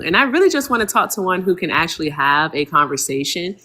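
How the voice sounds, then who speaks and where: A woman speaking on a casual livestream, frank and joking. Her voice sits very low for a woman. She sounds at ease, like she is talking with a close friend. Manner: animated, frank and joking, talks fast when wrapping up. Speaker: guest co-streamer.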